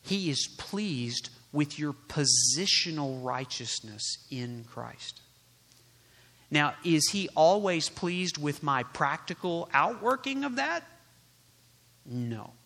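A man preaching a sermon as pastor, emphatic and full of rhetorical questions, swinging between loud and quiet. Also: fairly high pitch, animated, slow. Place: church sanctuary. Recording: long hall reverb.

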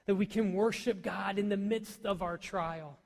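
A male pastor preaching a sermon in a church, swinging between loud emphatic peaks and soft near-whispers. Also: sits high, fairly even intonation, a little slow, vocal fry. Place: church hall. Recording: long hall reverb.

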